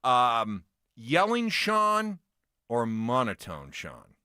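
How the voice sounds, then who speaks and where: A middle-aged former lineman co-hosting sports radio, his voice bright and forceful. His pitch leaps all over the place as he presses his points, and the studio sound is close and dry. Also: clear, resonant tone, dry recording. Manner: animated, emphatic, quick to laugh. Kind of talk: morning sports talk radio.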